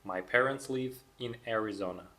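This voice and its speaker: A young man teaching English grammar, saying each example sentence slowly and then repeating it, calm and patient. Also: lowish voice. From Russia. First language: Russian. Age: young adult. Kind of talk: slow, deliberate language lesson.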